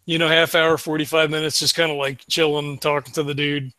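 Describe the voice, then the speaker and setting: A man's voice: on the high side, flat delivery, brisk, pushed and bright, no room sound. A man playing a tabletop game, talking in a hesitant, stammering way. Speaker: player. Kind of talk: tabletop game play, casual chat.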